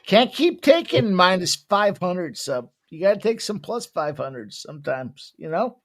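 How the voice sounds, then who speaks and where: A man's voice: high voice, very animated, unhurried. A man hosting a live betting stream, joking loosely and swearing as he hypes the bets. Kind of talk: casual live-stream banter.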